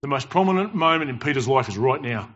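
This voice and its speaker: A man preaching a sermon in church with animated, emphatic storytelling and jokes. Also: mid-range voice, fast. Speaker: pastor. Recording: dull lo-fi church recording.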